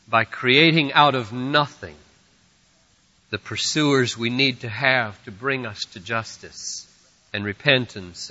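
Slow, bright-voiced male preacher in a hall. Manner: rhythmic, builds to forceful crescendos then drops low. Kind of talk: sermon. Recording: muffled, reverberant hall.

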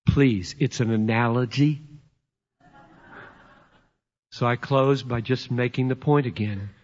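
A man in his fifties preaching a sermon, emphatic and playful, swinging from loud to hushed. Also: medium pitch, steady tone, slow pace, highs cut off. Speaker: pastor.

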